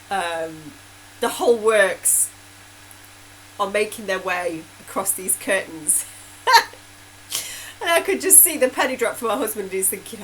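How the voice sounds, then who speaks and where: A woman shares a homely story in a loose, chatty way. She wanders off on tangents and laughs along as she talks. Her voice sits at an ordinary pitch for a woman. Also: animated, unhurried, fairly bright tone, a little hiss or hum, rough recording. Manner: chatty, rambling, laughs often. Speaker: hypnotherapist host. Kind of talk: casual storytelling update.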